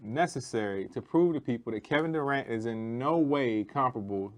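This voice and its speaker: A man's voice: medium pitch, a little fast. A man co-hosting a casual sports talk show, opinionated and chummy. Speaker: co-host.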